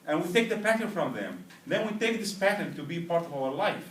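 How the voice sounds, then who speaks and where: A man with a high-sitting, very animated voice teaches a language class a little fast, drilling students to repeat after him and asking "right?" and "understood?". A far camera records roomy, distant classroom audio with a little hiss or hum.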